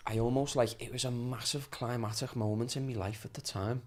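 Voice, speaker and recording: Brisk and steady, with medium pitch and a slightly mellow quality, this young Scouse man chats as a guest on a podcast. The conversation is casual; he's earnest, talkative, and laughs a lot.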